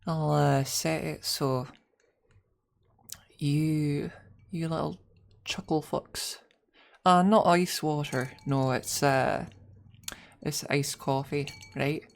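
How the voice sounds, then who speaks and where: A woman's voice: deep voice, steady tone, slow, gravelly, pauses often. A woman ASMR streamer chatting casually and playfully with her viewers, joking between tasks.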